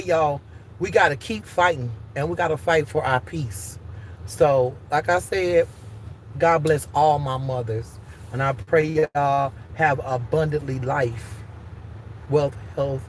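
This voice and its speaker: A woman's voice: sits low, slight background noise. Heated, profane woman live-streaming outdoors. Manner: emphatic and profane, swinging between heated and tender. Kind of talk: casual live-stream talk.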